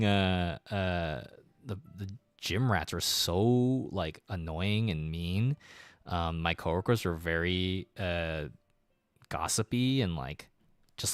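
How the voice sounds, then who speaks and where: A man's voice: sits low, no echo. A man streaming while drawing, telling stories in a rambling, casual way with many fillers and restarts.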